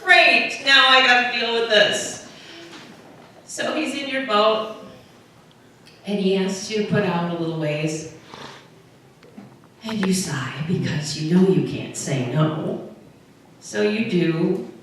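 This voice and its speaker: A woman's voice: lowish voice, expressive, slow, long pauses. A woman preacher retelling a scripture story, speaking straight to her listeners as a vivid storyteller. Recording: very echoey room, distant mic, faint noise.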